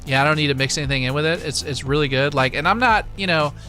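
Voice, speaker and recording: A man's voice: a little high, fast talker, sharp tone, faint music behind. A man hosting a live stream in casual chat, easygoing and rambling with lots of fillers. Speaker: livestream host.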